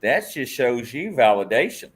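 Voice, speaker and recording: A man's voice: mid-range voice, sing-song, moderate pace, husky. A man hosts a casual podcast conversation. He mostly answers with short reactions and steps in now and then to ask his guest questions. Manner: brief reactions and prompts to the guest. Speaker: podcast host. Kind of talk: casual chat.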